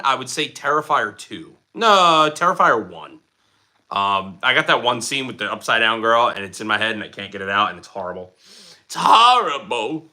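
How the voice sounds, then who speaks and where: Goofy guy hosting a livestream, reading chat, super bright voice that swoops up and down a lot. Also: medium pitch. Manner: playful and goofy, slips into silly voices. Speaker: livestream host.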